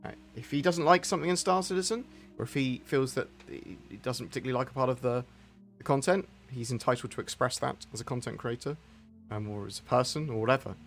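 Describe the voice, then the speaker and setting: A man's voice: medium pitch, fast talker. A man answering viewer questions on a live stream in a rambling, candid way, with some mild swearing.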